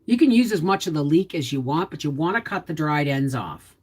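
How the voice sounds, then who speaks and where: Woman, livestream host, folksy and chatty, lively rising-and-falling delivery. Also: deep voice, a little fast, breathy edge. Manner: chatty, explains cooking and gardening while answering viewers' comments; folksy, down-to-earth. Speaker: homestead channel host. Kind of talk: casual livestream chat.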